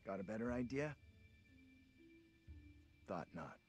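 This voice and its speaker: An actor playing a calm, dismissive man in charge. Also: fairly low pitch, slow pace, dry recording, faint music behind.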